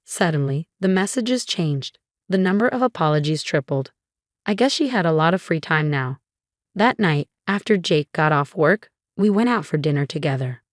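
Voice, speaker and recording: A woman's voice: sits low, expressive, moderate pace, no room sound, studio quality. A woman narrating a first-person story in a wry, amused manner.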